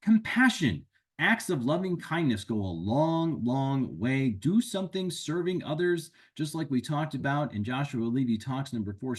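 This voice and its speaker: A man's voice: medium pitch, slightly rough. A man hosting an upbeat, encouraging advice talk for parents and teachers, walking through a list of tips. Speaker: educational consultant and host.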